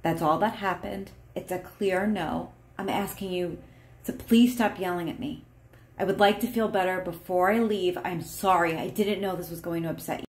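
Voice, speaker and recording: A gentle partner who keeps her tone level and asks politely, as a woman acts out the scene. The voice sounds careful and apologetic. It rings a little in an echoey room. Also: on the low side, fairly even intonation, normal speed, close to an everyday voice. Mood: pleading. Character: calm, pleading partner trying to stay polite. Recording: roomy echo.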